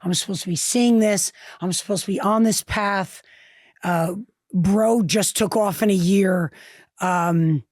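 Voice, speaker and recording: A woman, a podcast guest, talking in a halting way with many restarts. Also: medium pitch, darkish tone, no room sound, studio quality. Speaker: podcast guest, fitness trainer. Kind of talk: casual interview chat.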